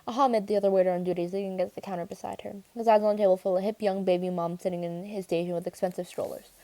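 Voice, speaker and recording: A woman reading a first-person young adult novel aloud, steady and clear, with the odd restart. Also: medium pitch, rapid-fire. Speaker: audiobook reader. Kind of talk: first-person audiobook narration.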